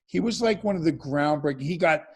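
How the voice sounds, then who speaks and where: A man chatting as an interview guest over a video call, telling stories with quick asides and restarts. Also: fairly high pitch, animated, vocal fry, darkish tone, slightly rough. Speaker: interview guest, former reality show participant. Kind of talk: storytelling interview chat.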